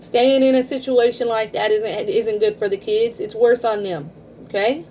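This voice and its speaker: A woman's voice: on the high side, steady tone, normal speed, muffled recording, a little hiss or hum. A woman giving a casual tarot reading, blunt and swearing freely, often ending a point with "okay?". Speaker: tarot reader.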